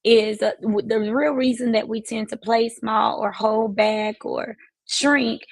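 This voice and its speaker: Husky-voiced woman giving a motivational live talk. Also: fairly high pitch, steady tone, a little slow, dry recording, poor audio. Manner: emphatic, repetitive, preacherly phrasing. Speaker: financial services coach hosting a live stream.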